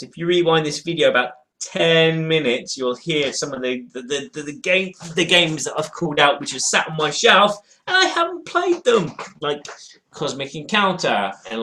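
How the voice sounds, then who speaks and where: A man's voice: medium pitch, fairly bright tone. Rambling man chatting to his webcam. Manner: rambling and hesitant, with many fillers and restarts. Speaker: board game vlogger. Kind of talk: casual chat answering viewer questions. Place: at home in front of a game shelf.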